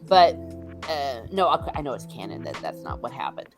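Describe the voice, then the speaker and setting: A woman as an interview guest, sharing opinions in animated, casual chat and acting out quotes as she goes. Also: rumbling low, moderate pace, music in the background.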